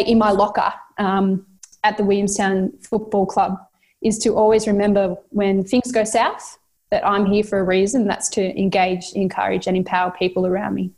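A woman's voice: medium pitch, darkish tone. Earnest Australian woman coach. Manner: heartfelt, motivational, repeats herself while thinking. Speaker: football coach, guest. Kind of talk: earnest interview answers.

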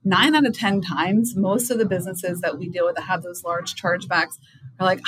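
A woman guest on a podcast who speaks directly and with emphasis, making her points firmly. Her voice sits somewhat low for a woman. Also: fairly even intonation, brisk, fairly bright tone, slightly rough, poor audio. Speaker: payments company co-founder, guest. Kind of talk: conversational interview.

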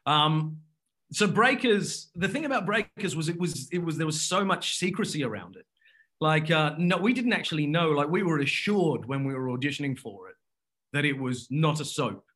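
Bright-voiced man telling a rambling anecdote. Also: a little high, expressive. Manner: rambling, self-interrupting, quick to laugh. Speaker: guest. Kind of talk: casual anecdotal chat.

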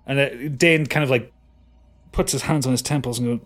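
A man's voice: medium pitch, a little fast, fairly bright tone. A man narrating as game master in a casual, laughing way, often restarting his sentences.

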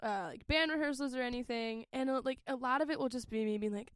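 A woman's voice: sits high, fast, clear, resonant tone, dry recording, studio quality. A woman in casual podcast chat, giggly and chatty, full of fillers and laughter.

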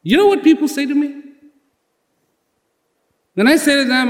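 Speaking at a moderate pace with frequent pauses, this man's voice is extremely high and expressive, echoing through a hall. His motivational speech leans on rhetorical questions, emphatic repetition of key words and dramatized exchanges.

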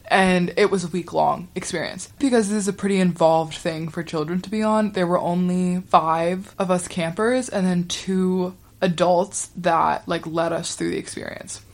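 A woman's voice: on the low side, fairly even intonation, moderate pace, hardly any pauses. A young woman hosting a podcast, telling a story in a chatty, wry way with the odd swear. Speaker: podcast host. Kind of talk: casual storytelling.

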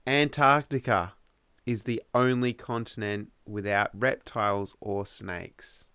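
A man's voice: fairly low pitch, steady tone, slow, bright, forceful tone, clean tone, dry recording. A man co-hosting a podcast, wryly reading trivia facts in casual chat. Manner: wry, reads trivia aloud. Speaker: podcast co-host. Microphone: studio microphone.

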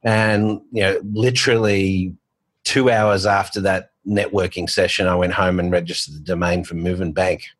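Australian man, middle-aged, husky low voice, dry recording, rambling interview guest. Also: fairly even intonation, moderate pace, no room sound. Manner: rambling, restarts and fillers, storytelling. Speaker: guest, bank founder. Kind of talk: conversational interview.

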